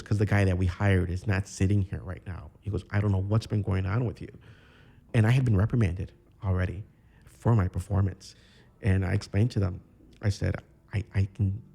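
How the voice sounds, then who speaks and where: A man from Chicago, a podcast guest, telling his own story in a candid, reflective way with halting restarts. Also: lowish voice, creaky, dark tone. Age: 30s. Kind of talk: personal storytelling interview.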